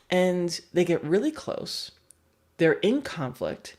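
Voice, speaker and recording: A young adult woman and dog trainer giving a livestream lesson, animated and acting out examples. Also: lowish voice, slow pace. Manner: animated, acts out examples with voices.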